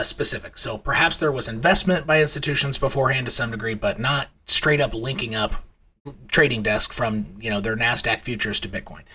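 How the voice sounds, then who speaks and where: Bright, husky-voiced man rambling casually. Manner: rambling, many fillers and restarts; acts out his kids' voices in high squeals. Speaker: crypto trading channel host. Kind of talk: casual storytelling and chart commentary.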